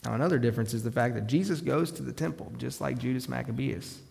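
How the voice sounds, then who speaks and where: A man's voice: mid-range voice, quick pace, creaky, a little hiss or hum. A man preaching a sermon, reading scripture aloud and raising his voice when he quotes the cries in the text. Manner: reads scripture aloud, rising to loud shouts in quoted cries. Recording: long hall reverb.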